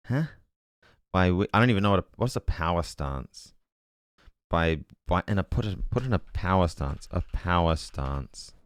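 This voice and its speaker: A man's voice: low voice, no room sound, clean studio sound. A man streaming a casual Bible talk, thinking aloud and correcting himself as he goes, and reading chat messages aloud with puzzled asides.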